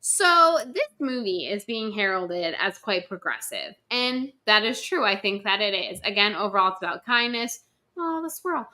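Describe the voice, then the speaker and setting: Young woman podcast co-host, bright and punchy delivery, emphatic rants with casual swearing. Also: medium pitch, normal speed. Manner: emphatic, animated, swears freely. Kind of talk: casual ranting chat.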